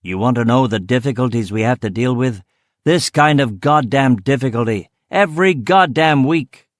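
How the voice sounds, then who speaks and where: A man voicing a brash, boastful male car company boss who talks loudly and emphatically. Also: mid-range voice, no echo, clean studio sound, lightly acted. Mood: furious. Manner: loud, emphatic, quick to anger.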